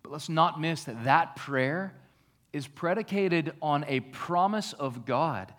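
Male pastor, fairly high voice, sermon that moves between quiet reflection and emphatic lifts. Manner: swings between hushed, slow reflection and raised, emphatic preaching. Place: church.

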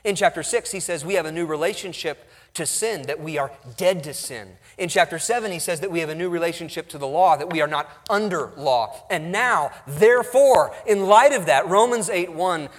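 A man preaching an expository sermon, pausing for emphasis as he reads and explains scripture. His voice sits a little high for a man, and it carries a long reverb, as if recorded in a large hall. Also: expressive, a bit bright. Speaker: pastor.

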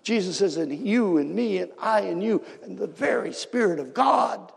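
A man preaching a sermon with great passion, swinging between excited bursts and hushed, low passages. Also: normal speed, creaky, slightly rough. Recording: long reverb of a large hall.

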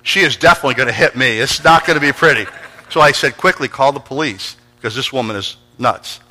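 A man's voice: mid-range voice, quick pace, bright, forceful tone, big-room sound. A man preaching a sermon, telling stories and acting out voices and sounds. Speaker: pastor. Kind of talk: sermon with storytelling.

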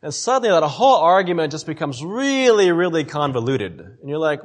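A man's voice: fairly high pitch, lively intonation, fairly quick, few pauses. A man teaching a Bible study lecture in a conversational way, often checking in with listeners by asking "right?" and repeating his points to explain them.

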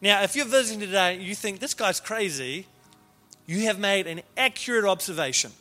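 A man preaching a sermon as he tells a story, animated and often repeating words at the start of phrases. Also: high-pitched, quick pace. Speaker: pastor. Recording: reverberant hall with faint music.

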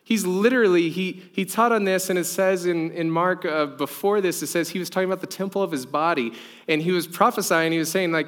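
A man's voice: high-pitched, brisk, a bit bright. A young man preaching a sermon in an earnest, conversational way, with casual fillers. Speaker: pastor.

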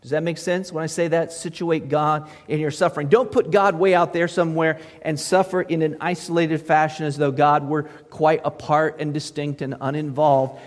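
A man's voice: fairly high pitch, little pitch movement, normal speed, hardly any pauses, big-room sound. A male pastor preaching a sermon in a conversational way, often putting rhetorical questions to his listeners.

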